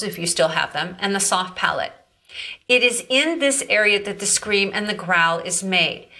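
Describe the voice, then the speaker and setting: Bright-voiced woman vocal coach. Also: medium pitch. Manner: demonstrates growls and caws, cheerful praise. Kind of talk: scripted vocal lesson.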